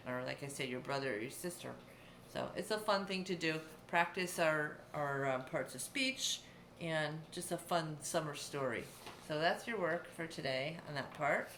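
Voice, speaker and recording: A middle-aged woman teacher gives a distance-learning lesson, patiently explaining step by step with examples. Her voice is deep and a bit bright. The room is echoey, with a faint background hum.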